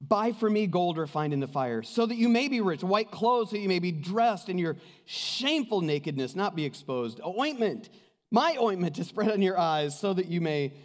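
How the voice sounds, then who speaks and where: A man preaching with a high voice, pleading and urgent one moment and dropping to a near hush the next. His sermon rings out with the long reverb of a large hall. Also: animated, moderate pace. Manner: impassioned preaching, swings from loud to hushed. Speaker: pastor.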